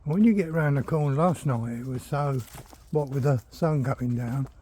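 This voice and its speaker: A man's voice: mid-range voice, normal speed, dark tone, breathy edge. An older retired man, chatting casually while he walks through a forest and talks to his dog. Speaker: vlogger. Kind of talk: casual walking vlog. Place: forest, outdoors.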